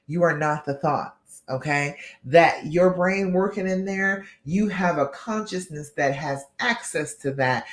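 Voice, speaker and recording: Woman, live coaching host, reassuring, speaks directly to viewers, keeps checking in. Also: lowish voice. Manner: warm, reassuring, talks straight to viewers; frequent "all right?" and "okay?" check-ins. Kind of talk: live-streamed coaching talk.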